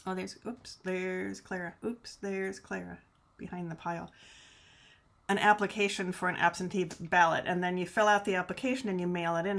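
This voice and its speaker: A woman's voice: lowish voice, fairly bright tone. A woman from Michigan hosting a casual livestream from her laptop, rambling chattily, laughing often and swearing mildly. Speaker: livestream host. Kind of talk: casual chat to a live audience. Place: home room in front of a laptop camera. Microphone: laptop camera mic.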